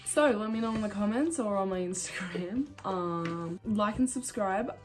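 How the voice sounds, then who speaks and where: A woman's voice: mid-range voice, a little slow, darkish tone, soft background music. A woman vlogger telling stories in a casual, rambling way, laughing often and swearing casually. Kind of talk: casual storytime monologue.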